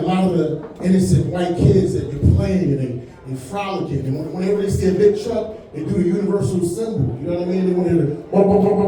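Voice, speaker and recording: Heard from far off in an echoey comedy club, a stand-up comedian in his forties speaks in a high, mellow voice. His delivery is laid-back and chatty, with frequent "man" and "you know what I'm saying".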